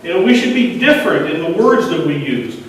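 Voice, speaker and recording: Man, earnest sermon delivery, high register, distant mic with long hall reverb. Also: big pitch swings, a little fast, slight background noise. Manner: earnest, questioning the congregation. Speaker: lay speaker. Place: church sanctuary. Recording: echoey church hall from far off.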